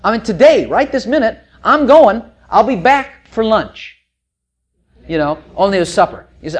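A preacher with a mid-range, expressive voice teaches a sermon at a moderate pace. He tells the story in a folksy, joking way, mixing loud bursts with quiet asides and stammering restarts.

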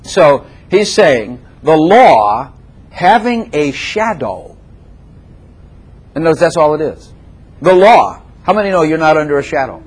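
A man preaching a sermon to a congregation in a church room, animated and repetitive, laughing often and quizzing his listeners. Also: fairly high pitch, measured pace, slightly rough. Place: church room with chairs and a plant.

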